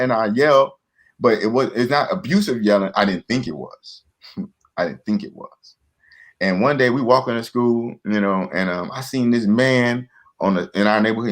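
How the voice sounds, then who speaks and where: This man, a guest in casual conversation, has lively intonation, a moderate pace and a fairly bright tone. He's earnest and repetitive, often starting sentences over, and he acts out quotes with a higher pitch.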